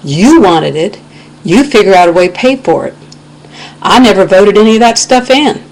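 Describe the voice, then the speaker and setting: A woman's voice: medium pitch, lively intonation, normal speed, darkish tone, poor audio. An American woman giving an impassioned, indignant webcam rant, quoting scripture as she talks. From United States. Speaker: video blogger. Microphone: webcam microphone.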